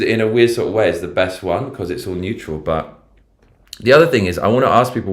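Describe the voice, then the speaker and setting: A man with a very low voice hosts a live stream in a loose, rambling way. He talks with animation and drops casual swearing as he chats to his viewers. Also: a little fast. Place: his mother's house.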